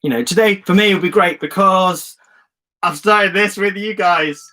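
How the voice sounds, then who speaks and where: Speaking at a normal speed in a fairly high, upbeat voice, a man from England leads a casual live journaling session through a webcam or phone. He keeps it chatty and encouraging, warmly coaching viewers and reading out their comments with lively excitement.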